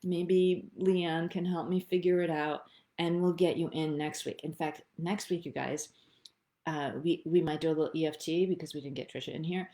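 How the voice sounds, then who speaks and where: A middle-aged woman teaching stress tapping in a live online session, talking in a chatty, upbeat way and thinking out loud. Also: deep voice, steady tone, moderate pace. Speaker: EFT tapping practitioner.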